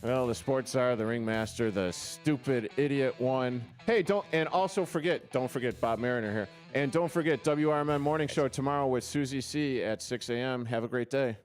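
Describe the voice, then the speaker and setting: A man with a steady, mid-range voice hosts a casual sports radio show from the studio, talking at a normal speed with hardly any pauses over faint background music. His delivery is rambling and self-deprecating, packed with fillers and restarts, captured on a studio microphone.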